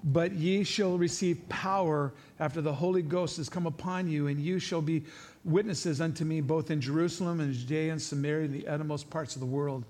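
A man preaching as a pastor in a church before a congregation, animated and conversational, joking and making asides to the people in the room. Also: fairly high pitch, fairly quick. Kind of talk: sermon.

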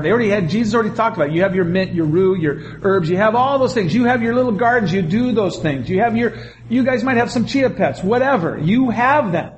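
A man preaching a sermon, animated, with quick asides and acted-out quotes. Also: sits high, a little hiss or hum. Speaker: pastor.

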